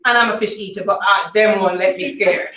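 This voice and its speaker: Woman author, informal launch speech, animated storyteller; dull roomy recording. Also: mid-range voice, fairly quick, distant mic. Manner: chatty, laughing, animated storytelling. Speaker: author thanking guests at book launch. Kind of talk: informal thank-you speech at an event. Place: event hall.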